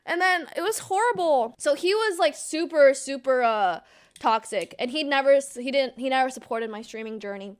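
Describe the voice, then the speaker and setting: A young woman streamer chatting casually, excitable and giggly, swearing freely and bursting into squeals. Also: high-pitched, normal speed. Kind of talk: casual livestream chat, reacting to an old clip.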